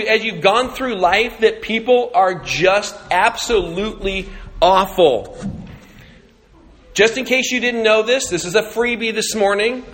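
A man's voice: high voice, fairly bright tone. A man preaching a sermon, telling a story about his day in a plain conversational way before leading a group reading of scripture. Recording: echoey hall with long reverb.

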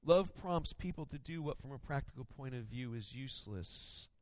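A male pastor preaching a sermon, storytelling in an animated way with playful mimicry. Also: medium pitch, moderate pace, no echo.

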